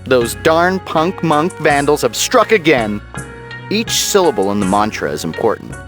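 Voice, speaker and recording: A man's voice: on the high side, sing-song, moderate pace. A man voicing a jokey, irreverent male AI companion in a video game, cracking sarcastic asides. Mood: wry. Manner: sarcastic, playful, chants and sings. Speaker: wisecracking sidekick in a video game. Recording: game audio with music behind. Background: game music.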